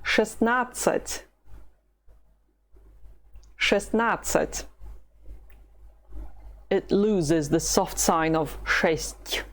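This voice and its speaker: A woman from Russia with a Russian accent, a patient language teacher who models words slowly for the listener to repeat. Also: lowish voice, darkish tone. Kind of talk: slow language lesson with repetition drills.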